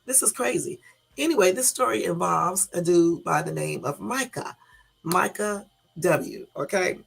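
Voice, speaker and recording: Woman, Southern US accent, casual live-stream chat, gravelly, loose and chatty. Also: fairly low pitch, measured pace. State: groggy morning voice. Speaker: YouTube live host.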